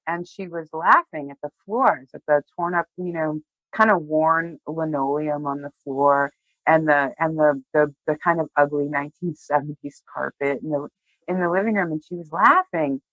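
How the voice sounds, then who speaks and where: A woman guest on a podcast, sharing a personal story in a heartfelt, emotional way, often halting and restarting. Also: low-pitched, fairly bright tone, no echo, highs cut off. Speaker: tarot reader, guest.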